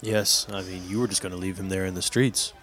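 A man playing a tabletop game, speaking bluntly and deliberately in character. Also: deep voice, steady tone, a bit bright. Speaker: player.

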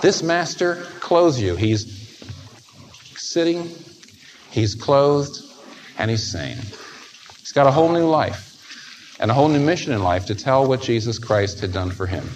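A man preaching a sermon, animated, moving from soft asides to emphatic peaks and acting out the voices he quotes. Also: mid-range voice, unhurried, long pauses, slight background noise, rough recording.

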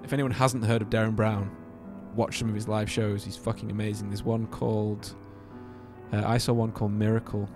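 A man's voice: on the low side, level tone, a little fast, over music. A young man co-hosting a podcast, chatting casually and animatedly, swearing and losing his train of thought. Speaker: podcast co-host. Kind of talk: casual chat.

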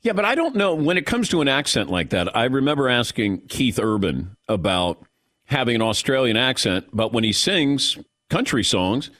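A middle-aged man hosting a sports talk radio show, telling stories in an animated way with quick asides. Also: medium pitch, no room sound.

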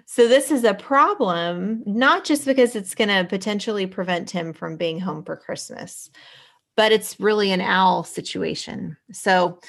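A woman's voice: mid-range voice, vocal fry. A woman co-hosting a podcast, casually recapping a sitcom episode in a rambling way, correcting herself with ums and likes. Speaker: podcast co-host.

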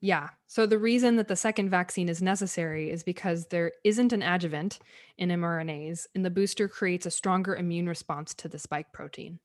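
A young adult woman co-hosting a podcast, explaining facts point by point in a measured, conversational way. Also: on the low side, no echo, clean studio sound. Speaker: podcast co-host.

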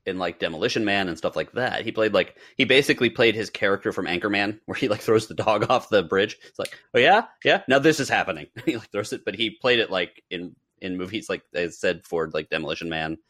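A man co-hosting a podcast in casual chat. He rambles with plenty of filler words, and his voice is very low. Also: a little fast, few pauses, fairly bright tone. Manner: rambling, heavy use of "like". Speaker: podcast co-host.

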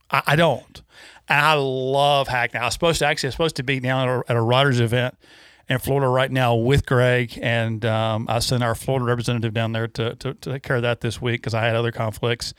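A man co-hosting a casual fishing talk show, animated and rambling, with many restarts. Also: mid-range voice, no room sound, clean studio sound. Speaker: co-host.

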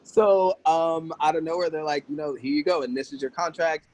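A man speaking as a podcast guest, telling casual stories with lively energy and acting out other people's voices. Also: fairly high pitch, brisk, low-quality recording. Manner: animated, acts out quoted voices, laughs often. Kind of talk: casual storytelling interview.

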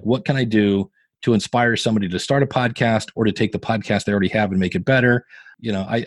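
A man's voice: fairly low pitch, no echo. A man in his fifties from Ohio, telling stories in a casual interview as a podcaster and guitarist. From Northeast Ohio. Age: 50s. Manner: chatty storyteller, animated quoting of others.

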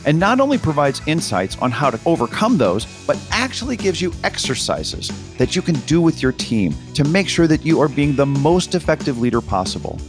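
A man hosting a podcast, reading a book promotion in a lively delivery. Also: a little high, a little fast, few pauses, soft background music. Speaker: podcast host. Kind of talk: casual chat and read ad.

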